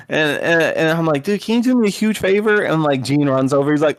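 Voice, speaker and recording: A young man in casual chat, telling a tournament story with lively acted-out quotes and frequent laughter. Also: fast. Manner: animated storyteller, acts out quotes with big pitch jumps, laughs often.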